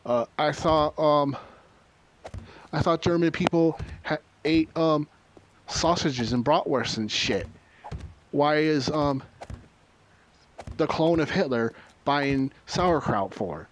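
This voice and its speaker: A man's voice: on the high side, takes it slowly, long pauses, slight background noise. Rambling, profane male gamer. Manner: rambling, profane, many ums and uhs. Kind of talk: casual rambling storytelling while gaming.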